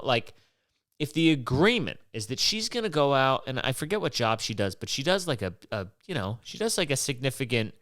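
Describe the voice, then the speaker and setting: A man's voice: mid-range voice, fairly bright tone, smooth, no room sound, clean studio sound. A young man hosting his own show, rambling on his own in a casual, profane rant full of restarts. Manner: rambling, swears often, many restarts. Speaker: podcast host.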